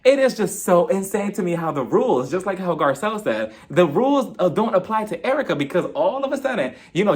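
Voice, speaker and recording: Man, youtube reviewer, gossipy recap, very animated pitch. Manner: animated, gossipy, acts out quotes. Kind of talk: casual recap commentary.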